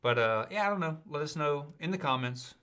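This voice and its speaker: A man co-hosts a relaxed podcast with a bright, forward voice. He talks in easygoing banter, tossing in dry jokes and casual asides to his co-host. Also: a little high, fairly quick, clean tone. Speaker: improviser. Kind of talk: casual chat.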